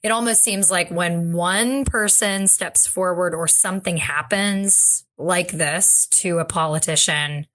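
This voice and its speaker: A woman's voice: fairly low pitch, unhurried, few pauses, fairly bright tone. A woman co-hosting a podcast, talking thoughtfully and thinking aloud with restarts. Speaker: podcast co-host. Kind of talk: casual conversational discussion.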